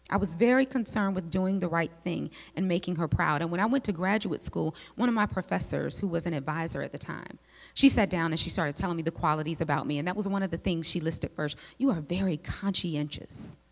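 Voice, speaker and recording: A woman, a psychologist giving a teaching talk to a group of women, telling lively personal stories and speaking straight to her listeners. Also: on the low side, fast talker, vocal fry. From United States. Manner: lively storyteller who speaks straight to the audience. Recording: long hall reverb.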